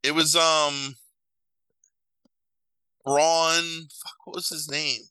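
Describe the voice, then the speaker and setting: Brief: male podcast host, profane storyteller, tense bright tone. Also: a little high, drawn-out words, clear, resonant tone, no echo, rough recording. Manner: animated, profane, rambling retelling. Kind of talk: casual chat.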